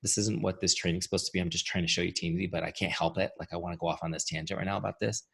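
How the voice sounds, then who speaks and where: A man with a tired, fading voice gives an energetic webinar training, chatty and full of rhetorical questions. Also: low-pitched, racing, creaky, slightly rough. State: losing his voice. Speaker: software founder giving a training webinar.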